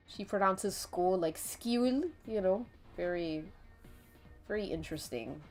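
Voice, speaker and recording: Woman streamer, casual and giggly, lively pitch, faint music underneath. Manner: rambling, giggly, swears casually. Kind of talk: casual chat while drawing on stream. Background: faint background music.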